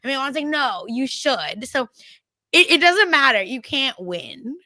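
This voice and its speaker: A young woman from India, co-hosting a podcast in a casual chat, animated and laughing as she acts out family quotes. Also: sits high, moderate pace, dry recording, studio quality. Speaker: podcast co-host.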